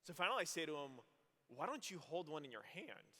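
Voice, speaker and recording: Animated young priest in an echoey hall. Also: male voice, fairly high pitch, a little fast. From Arizona. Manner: animated storytelling, acts out voices. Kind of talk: youth conference homily. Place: large hall. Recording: echoey hall, long reverb.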